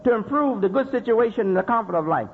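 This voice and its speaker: A man's voice: sits high, animated, fast talker. A man preaching a sermon, repeating phrases for emphasis and asking rhetorical questions. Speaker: Muslim preacher. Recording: dull lo-fi recording with faint noise.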